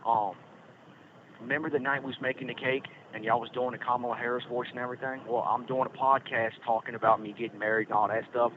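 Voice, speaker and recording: A man's voice: medium pitch, fairly even intonation, quick pace. Folksy man on a phone line. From Virginia Blue Ridge foothills. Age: middle-aged. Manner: rambling, folksy, lots of fillers. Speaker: podcast host calling from prison. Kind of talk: casual storytelling. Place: prison. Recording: tinny phone line with faint hiss.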